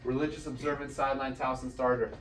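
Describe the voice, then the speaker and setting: A man's voice: mid-range voice, quick pace. Guy telling a story at an event, echoey room, mic kinda far away, acts out all the lines. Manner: animated storyteller acting out quoted dialogue. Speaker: speaker. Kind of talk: personal storytelling talk. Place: event hall. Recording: roomy sound from a distant mic.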